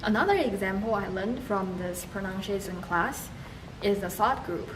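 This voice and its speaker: A woman with a Chinese accent, a language student speaking carefully and deliberately in an interview testimonial. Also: expressive. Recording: echoey room, mic at a distance, background rumble.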